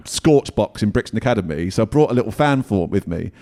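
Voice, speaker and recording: A man's voice: on the low side, fast talker, gravelly. A man hosting a casual podcast chat, telling stories in a joking, swearing manner. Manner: jokey, lively storyteller who swears casually. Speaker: podcast host.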